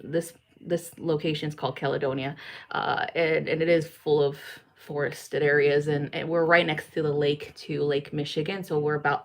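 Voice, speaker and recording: A woman's voice: low-pitched, fairly bright tone. A woman psychic reader chatting casually to viewers in a rambling way, with lots of fillers and swearing.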